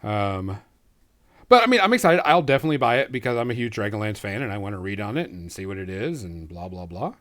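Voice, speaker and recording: A man's voice: fairly low pitch, big pitch swings, fast, a bit bright. Easygoing man hosting a gaming podcast. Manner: easygoing, hesitant with many ums. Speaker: podcast co-host. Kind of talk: casual chat.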